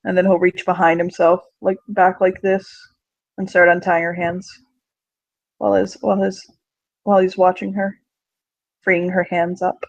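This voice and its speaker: A man describing his character's actions in a collaborative role-play, relaxed and thinking aloud as the scene unfolds. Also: high-pitched, moderate pace, creaky, long pauses, no room sound, muffled recording.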